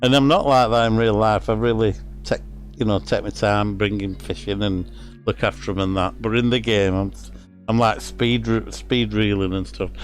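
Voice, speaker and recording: A man's voice: lowish voice, steady tone, moderate pace, soft background music. A middle-aged man from England with a Lancashire accent, giving casual, rambling commentary on a fishing game with many fillers and restarts. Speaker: streamer.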